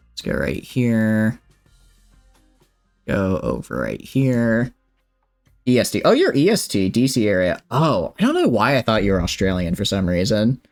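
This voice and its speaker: A young man streaming a game, chatting with viewers in a relaxed, jokey way while he plans his builds. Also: fairly low pitch. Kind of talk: casual gameplay commentary chatting with viewers.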